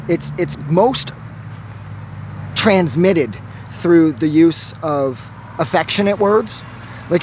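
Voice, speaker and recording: A man's voice: fairly high pitch, slight background noise. A man from Quebec giving a casual, rambling movie review outdoors, swearing often and enthusiastic. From Quebec, Canada.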